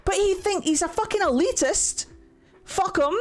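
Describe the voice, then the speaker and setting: A young woman giving casual reaction commentary, mocking and excitable, who swings between shrieks and low grumbles and swears a lot. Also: normal speed, faint music behind. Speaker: streamer reacting to a game.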